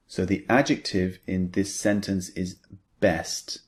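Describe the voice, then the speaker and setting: A man teaching an English speaking pattern, explaining slowly and deliberately with spoken example sentences. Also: sits low, fairly even intonation. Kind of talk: scripted language lesson.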